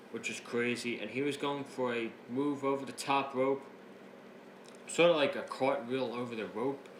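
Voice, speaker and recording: A man reviewing a wrestling show in a casual recap. He is excitable and rambling, keeps restarting his sentences, and breaks up laughing as he retells the jokes. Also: mid-range voice, a little hiss or hum. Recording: roomy echo, faint ambience.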